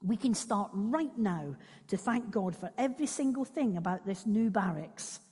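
A woman's voice: medium pitch, lively intonation, moderate pace, mellow, breathy edge. Woman reading as Betsy, a serene, faithful prisoner. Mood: earnest. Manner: earnest, encouraging. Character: devout, serene woman prisoner, gently rejoicing. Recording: long reverberant echo.

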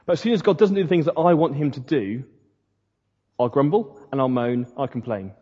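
A man's voice: medium pitch, fairly quick, dark tone, breathy edge. A man preaching a sermon in a conversational way, with slips and restarts. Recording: dull lo-fi sound in a reverberant hall.

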